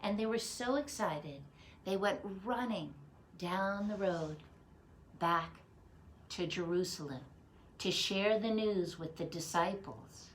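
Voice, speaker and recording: Slow, expressive woman telling a Bible story. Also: medium pitch, a little hiss or hum. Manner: slow, expressive, asks the children questions. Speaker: children's Bible teacher. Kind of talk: storytelling to children.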